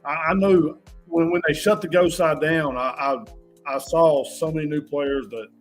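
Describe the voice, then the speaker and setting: Teasing man with a slightly high voice. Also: steady tone, normal speed, soft background music. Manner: teasing, laid-back, stammers. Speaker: guest player. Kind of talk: casual chat.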